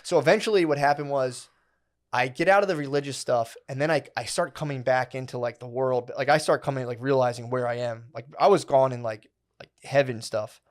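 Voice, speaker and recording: A man's voice: mid-range voice, brisk. Male podcast co-host, 30s, loose rambling storyteller, laid-back slang-heavy chat. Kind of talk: casual chat.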